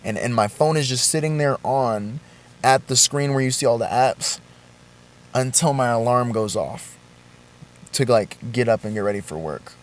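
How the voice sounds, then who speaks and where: Young man, confessional vlog, shaken, halting, profane. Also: mid-range voice. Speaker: vlogger. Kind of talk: confessional storytelling to camera.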